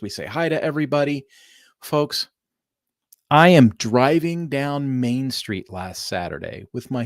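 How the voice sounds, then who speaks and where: A middle-aged man from Southern California talks straight to his livestream audience in a casual, animated storytelling way. His voice sits at an ordinary middle pitch. It is recorded close and dry, with no room sound around it. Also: no echo. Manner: animated storyteller addressing viewers as "folks". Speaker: livestream host.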